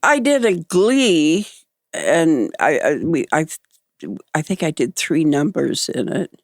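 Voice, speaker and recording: Older guest with a trace of Southern drawl, animated lowish voice, relaxed halting storyteller. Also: female voice, dry recording, clean studio sound. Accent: slight Midwestern Southern. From American Midwest. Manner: unhurried, laughs easily, halting restarts. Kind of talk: casual chat.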